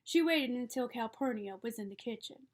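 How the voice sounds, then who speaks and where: A woman reading a novel aloud as narrator, in a measured storytelling manner. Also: fairly high pitch, lively intonation. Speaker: audiobook reader.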